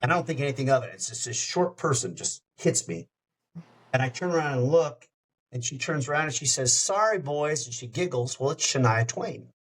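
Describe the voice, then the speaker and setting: A middle-aged man with a radio background tells a story in a relaxed way. His voice sits at an ordinary pitch, and he slips into the people he quotes as he goes. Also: fairly quick, husky, poor audio. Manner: animated anecdote-teller, acts out quoted voices. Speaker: radio host, podcast guest. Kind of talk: casual storytelling.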